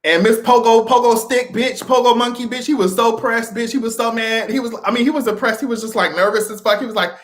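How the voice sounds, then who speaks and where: Profane, high-voiced man ranting. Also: fast talker, hardly any pauses. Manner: profane, animated ranting with frequent laughter. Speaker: livestream host. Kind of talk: pop-culture commentary livestream.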